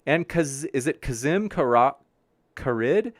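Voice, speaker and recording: A man's voice: mid-range voice, expressive, a little slow, dry recording, clean studio sound. A man hosting a debate livestream, reading and answering viewer chat in a friendly, upbeat way and stumbling over viewer names. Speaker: debate show host reading live chat.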